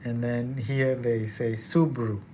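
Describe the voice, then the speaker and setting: A man's voice: mid-range voice, takes it slowly, slight background noise. A young man from Kenya with a Kenyan accent, chatting casually and laughing often as he hosts a live Q&A. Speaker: student and live-stream host.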